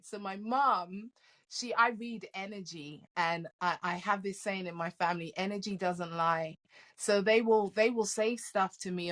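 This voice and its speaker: Lower-voiced middle-aged woman telling stories. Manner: lively, laughs often, repeats words when starting sentences. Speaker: life coach guest. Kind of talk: casual interview storytelling.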